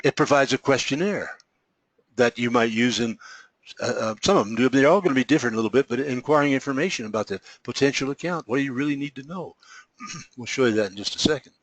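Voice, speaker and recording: Regular-pitched guy rambling thru a product demo, lots of uhs and gosh, dry close mic. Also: animated, fast talker, dry recording. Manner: rambling, many fillers and restarts, folksy exclamations. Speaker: host presenting an insurance marketing service. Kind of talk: informal presentation with screen walkthrough.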